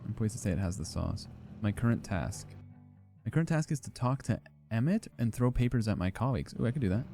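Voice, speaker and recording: A man's voice: on the low side, expressive, a little fast, gravelly, dark tone, faint music behind. A young man streaming a game, rambling and joking, with lots of fillers and swearing. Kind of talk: casual gameplay commentary.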